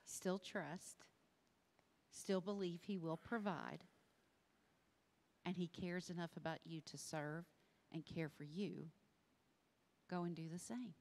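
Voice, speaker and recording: A woman's voice: on the low side, fairly even intonation, slow, pauses often, a little mellow. A woman co-leading a Bible discussion, thoughtful, and retelling scripture scenes vividly. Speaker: co-host of Bible study. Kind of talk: conversational Bible teaching.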